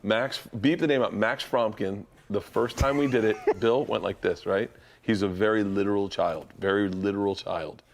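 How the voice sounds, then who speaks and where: A man hosting a podcast, telling stories in a casual, animated way and laughing often. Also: fairly low pitch, normal speed, slight background noise. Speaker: podcast host. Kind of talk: casual chat.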